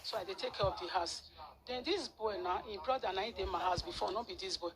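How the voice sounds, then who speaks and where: Brief: middle-aged Nigerian Pidgin woman, quick and animated account, crowd noise behind. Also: medium pitch. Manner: animated storyteller, repeats words for emphasis. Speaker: interviewee. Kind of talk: emotional personal account.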